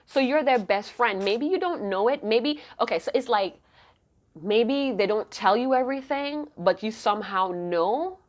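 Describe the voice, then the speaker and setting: A woman's voice: fairly high pitch, animated, a little slow. A woman giving an intuitive tarot reading to camera, emotive and rambling, often breaking off mid-thought to restart. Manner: rambling, emotive, self-interrupting. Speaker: tarot reader.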